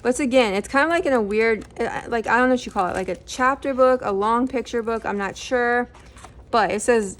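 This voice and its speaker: A woman's voice: a little high, a little fast. Chatty middle-aged woman reviewing books. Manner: rambling, many fillers and self-corrections. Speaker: book channel host. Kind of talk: casual book review chat.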